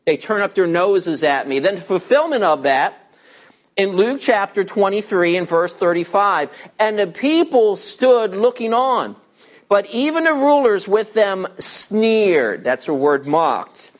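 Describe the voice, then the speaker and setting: A man's voice: high voice, expressive, a little slow. A man preaching a verse-by-verse sermon, emphatic and teacherly, asking questions and answering them himself. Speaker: pastor.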